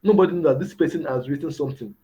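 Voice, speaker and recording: In a dull, lo-fi recording, a man with a slightly high, warm voice delivers a motivational mentorship lecture at a rapid-fire clip. He leans on rhetorical questions and keeps repeating key words for emphasis.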